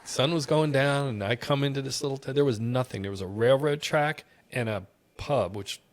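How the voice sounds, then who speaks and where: A man's voice: medium pitch, moderate pace. A man telling a travel story with lots of energy and frequent laughs in a casual interview conversation. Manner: animated storyteller, laughs often. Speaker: podcast conversation partner.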